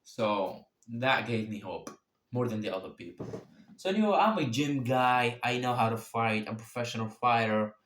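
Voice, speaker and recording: A young man telling his own story casually, swearing freely and jumping in pitch and loudness. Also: moderate pace, slight background noise. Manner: profane, animated, sudden swings in pitch and loudness. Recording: echoey room.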